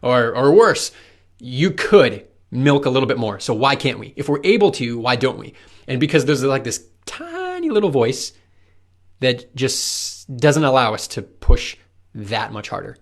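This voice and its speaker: Male running coach, mid-pitched, relaxed explainer who talks straight to the viewer. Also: measured pace. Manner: conversational, asks the listener rhetorical questions.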